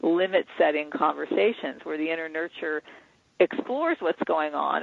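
A man's voice: on the high side, normal speed, vocal fry, slight background noise. A man being interviewed as an author, explaining in an earnest, teaching way over a phone line. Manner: earnest, teaching, acts out inner dialogues. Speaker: author and guest. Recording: dry tinny phone line.

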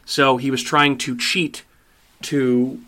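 Bright-voiced, blunt, swearing podcast man. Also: mid-range voice, level tone, takes it slowly. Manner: profane, blunt and emphatic; acts out quotes in a slangy voice. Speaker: podcast host. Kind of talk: casual movie review chat.

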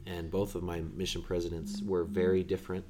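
A man hosting a casual interview, relaxed and thoughtful, often pausing to search for words. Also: sits low, noisy background. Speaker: host.

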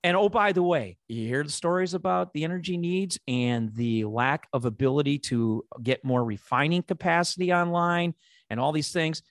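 Brief: podcast host, man, Chicago accent, opinionated rant, lively and rhetorical, dry voice. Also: on the high side, normal speed, no room sound. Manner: animated, rhetorical, on a soapbox. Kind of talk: opinionated finance podcast talk.

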